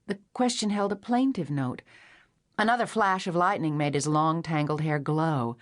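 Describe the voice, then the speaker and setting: A woman narrating a novel in a steady, measured storytelling manner. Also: low voice. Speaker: audiobook narrator. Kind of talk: scripted narration.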